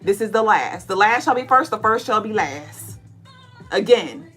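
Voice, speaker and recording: A woman's voice: mid-range voice, lively intonation, measured pace, a bit bright, slightly rough, faint music behind. A middle-aged woman, co-hosting a spiritual podcast and giving a blunt, profane pep talk during a tarot reading. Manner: profane, preachy, playful, acts out listeners in mock voices.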